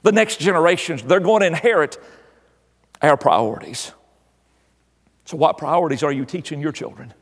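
A man's voice: fairly high pitch, normal speed, pauses often, husky, big-room sound. An older man preaching a sermon as pastor, his delivery swelling and dropping in volume. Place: church.

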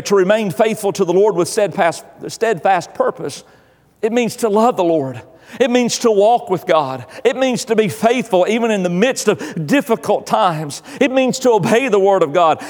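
Pastor guy giving a sermon, pushy exhorting tone, high pitched, echoey church. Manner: emphatic, exhorting, repeats phrases.

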